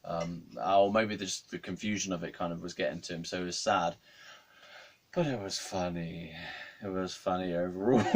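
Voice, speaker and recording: Rambling man telling a story, low voice. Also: steady tone, normal speed. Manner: rambling, many fillers and restarts. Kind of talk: casual storytelling monologue.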